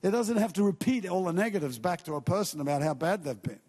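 A man with a high, light voice delivers a sermon in a church, chatting with the congregation and slipping into quick acted-out bits of dialogue. His words ring out with the long reverb of a big hall behind them. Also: a little mellow, breathy edge. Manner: conversational preaching with acted-out quotes and asides. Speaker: pastor.

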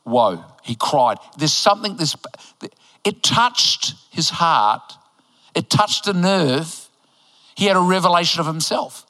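A bright, high-pitched older man preaching in a church auditorium, from New Zealand. He delivers his sermon in an emphatic, animated way with playful joking asides. His voice rings out with long hall reverb. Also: takes it slowly. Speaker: pastor.

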